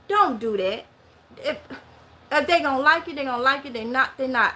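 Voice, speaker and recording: A middle-aged woman with a thick Mississippi Southern drawl tells stories straight to camera, animated and full of country dialect. Her voice sits high and comes across bright and forceful. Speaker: vlogger. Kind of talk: casual monologue to camera.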